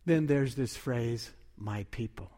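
A man preaching a sermon in a measured, emphatic way, lifting his voice when he quotes scripture. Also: mid-range voice, dark tone, in a large hall.

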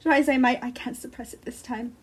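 A woman's voice: a little high, fairly even intonation, brisk, breathy edge. A young woman reading a first-person short story aloud in an earnest, breathless way. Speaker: student reader.

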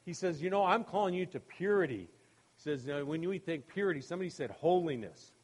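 Fairly high-pitched, animated, fairly quick and slightly rough, this man is a pastor giving a sermon in a conversational style. He often asks "okay?", says "you know" frequently, and performs the voices in funny stories while laughing.

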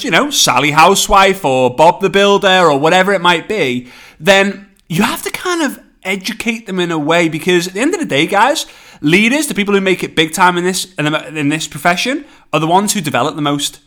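An energetic man with a Scouse accent talks through his own motivational podcast, coaching listeners. His voice sits a little high for a man. He rushes through some phrases and then slows right down to land a point. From England. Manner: energetic, pace swings between quick bursts and slow emphasis. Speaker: podcast host and network marketing coach. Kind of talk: solo motivational podcast talk.

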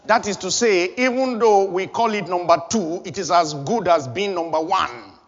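A man's voice: high voice, moderate pace. Man, pastor, sermon, emphatic repeated phrases, long hall echo, muffled sound.

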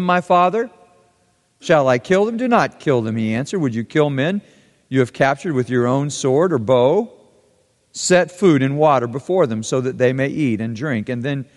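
A male pastor reading scripture and preaching a sermon, with dramatic rises and drops in his delivery. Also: medium pitch. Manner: dramatic reading, voice rising and dropping with the text. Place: church sanctuary. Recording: church hall with long reverb.

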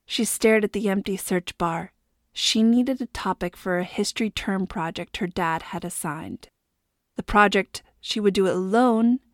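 A woman narrates an audiobook from a script in a medium-pitched voice. The sound is dry and close, with no room sound.

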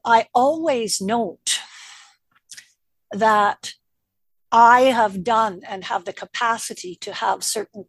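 Older woman, prairie-raised, animated storyteller, slightly husky, dry sound. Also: on the high side, no echo. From Canadian prairies. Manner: animated, acts out quoted voices. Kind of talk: casual storytelling.

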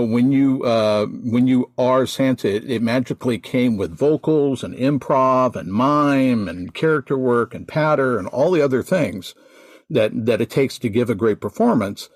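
An American man who teaches Santa performers talks through his advice in an emphatic, teacherly way. His voice is husky and slightly breathy. It is recorded dry and close, with no room sound. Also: mid-range voice, normal speed, a little mellow, no room sound. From United States. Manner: emphatic, teacherly, repeats points. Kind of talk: instructive podcast talk.

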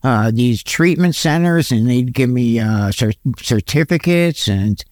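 In a dry, clean studio recording, a middle-aged guest with an expressive, unhurried, slightly mellow voice candidly tells his recovery story. He is folksy and self-mocking, often laughing at himself and quoting sayings in a deeper voice.

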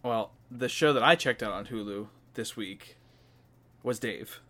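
A man's voice: on the low side, measured pace, bright, forceful tone. A man co-hosting a podcast in casual chat, laughing often and swearing as he retells scenes. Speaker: podcast co-host.

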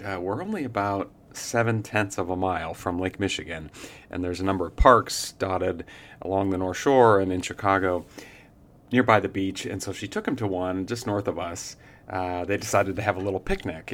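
A man hosts a reflective spiritual podcast. His voice sits fairly low. He tells a story gently and chattily, with many "uh"s and soft laughs. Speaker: podcast host.

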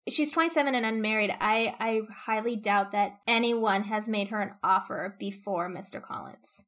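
A woman discussing a novel in casual chat, thoughtfully explaining the plot and acting out quick quotes. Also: medium pitch, a bit bright.

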